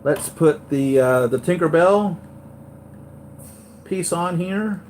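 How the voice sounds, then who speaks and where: Slow-talking excitable man unboxing toys. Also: fairly high pitch, slight background noise. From United States. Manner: excitable, gushing, repeats himself. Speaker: toy collector vlogger. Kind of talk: live unboxing chat.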